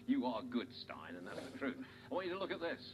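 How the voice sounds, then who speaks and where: A man's voice: mid-range voice, big pitch swings, quick pace, over music, rough recording. A man with a British accent anchoring business news on TV, jovial and teasing with his guest. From Britain.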